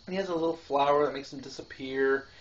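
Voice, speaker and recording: A man's voice: mid-range voice, fast talker. A man hosting a casual film-review show, rambling with lots of fillers and restarts and laughing between thoughts. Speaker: podcast host reviewing films. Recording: dull lo-fi home recording.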